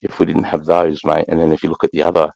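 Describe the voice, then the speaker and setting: Gravelly deep-voiced Australian army veteran. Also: male voice, completely flat delivery, quick pace, warm tone, no room sound. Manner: blunt, profane, keeps saying mate. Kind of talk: casual war storytelling. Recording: dull muffled recording.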